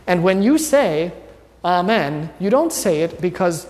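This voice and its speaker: A man's voice: high voice, sing-song, measured pace, a little mellow, slight background noise. A man, a pastor, giving a conversational teaching sermon, quizzing his congregation with an informal, wry manner. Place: church sanctuary. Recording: long church reverb.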